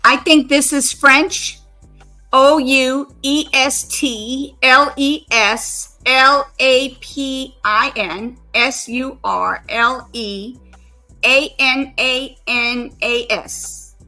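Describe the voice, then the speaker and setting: A woman live streamer chatting casually with an AI assistant, slowly spelling out words letter by letter. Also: high voice, steady tone, bright, forceful tone, faint music behind.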